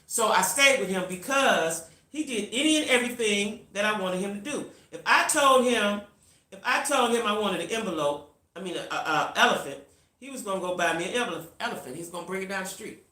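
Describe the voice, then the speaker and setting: Bright-voiced middle-aged woman storytelling live. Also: medium pitch, brisk, roomy sound. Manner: animated, talks straight to viewers; reads out viewer comments. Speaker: livestream host. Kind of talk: casual storytelling livestream.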